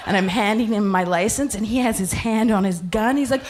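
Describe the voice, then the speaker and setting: A woman's voice: mid-range voice, fast talker, hardly any pauses, background noise. Laughing young woman doing stand-up. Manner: storytelling, acting out quoted exchanges, often laughing. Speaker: stand-up comic. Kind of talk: stand-up comedy set. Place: comedy club stage.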